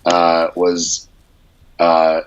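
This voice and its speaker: A man's voice: low voice, completely flat delivery, very slow, lo-fi sound, slight background noise. A man telling a rambling anecdote in casual chat, with lots of fillers and restarts. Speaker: guest. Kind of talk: casual storytelling.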